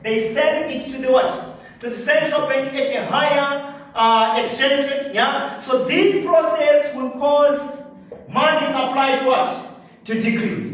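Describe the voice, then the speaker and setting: A male lecturer teaching a class, prompting students to finish his sentences with fill-in-the-blank questions. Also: very high voice. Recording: very echoey room from far off, faint noise.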